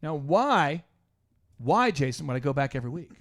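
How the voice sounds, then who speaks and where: A man's voice: fairly high pitch, normal speed. A man hosting a business coaching podcast, telling stories emphatically and restarting his sentences often. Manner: emphatic, animated storytelling with many restarts. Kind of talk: energetic coaching talk with anecdotes.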